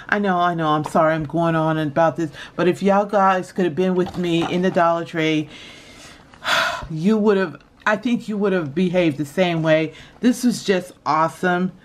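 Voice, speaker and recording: A woman chatting casually in a shopping haul video, calling her viewers y'all and often breaking into high laughter. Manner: chatty and giggly, addresses viewers as y'all and you guys. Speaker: vlogger showing a shopping haul.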